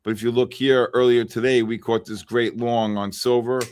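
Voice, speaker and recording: A middle-aged man hosts a live trading stream in a mid-range, level voice with a clean tone at normal speed. He rambles and chats casually, shouting out viewers by name from the chat.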